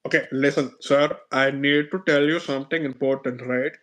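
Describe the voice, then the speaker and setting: A man's voice: medium pitch, fairly even intonation, normal speed, lightly acted. A man playing a pushy, overly polite male phone scammer who pleads and keeps saying sir, in an improvised comedic phone role-play. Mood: wheedling.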